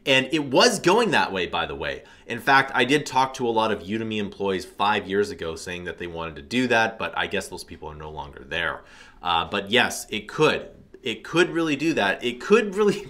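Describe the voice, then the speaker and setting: A man's voice: low-pitched, sharp tone. A man in his thirties, an online course instructor, giving casual commentary to camera in a rambling way, with many fillers and a habit of tagging "right?" onto his points. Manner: rambling, filler-heavy, says "right?" often.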